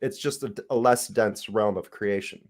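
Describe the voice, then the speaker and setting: A man's voice: on the low side, moderate pace, darkish tone. A man who is a guest on a casual podcast, explaining his ideas steadily with some fillers. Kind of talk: casual conversation.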